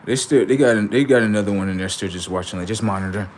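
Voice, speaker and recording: Low-voiced man rambling on a livestream. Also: fast talker, a little mellow, a little hiss or hum. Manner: rambling, murmured asides to viewers, slangy. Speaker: livestream host. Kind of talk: casual livestream monologue.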